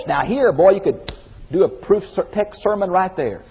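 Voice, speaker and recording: Older male Bible teacher, husky and folksy, tinny phone-like sound in a reverberant hall. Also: high voice, normal speed. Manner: folksy, animated, shifts from loud exclamations to quiet emphasis. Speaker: pastor teacher.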